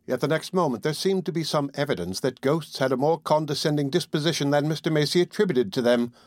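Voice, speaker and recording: Man reading an old novel as an audiobook, steady and deliberate, dry close sound. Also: fairly high pitch, dry recording. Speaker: audiobook narrator. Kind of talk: audiobook narration.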